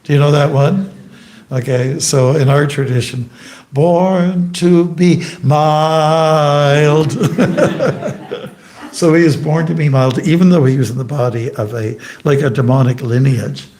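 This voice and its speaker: A man's voice: medium pitch, steady tone, normal speed, dark tone. Chatty man teaching a scripture class. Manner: chatty and joking, asks the audience questions. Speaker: monk giving a scripture class. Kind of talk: informal scripture class with anecdotes. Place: temple hall.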